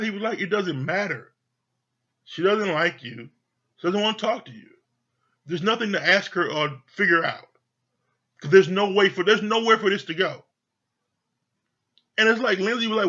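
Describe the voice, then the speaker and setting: A man's voice: high voice, lively intonation, moderate pace, long pauses, bright, forceful tone, lo-fi sound. A man giving a casual, candid recap of a reality show, swearing freely and acting out what the cast said. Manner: candid, profane, retells scenes with quoted voices. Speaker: show reviewer.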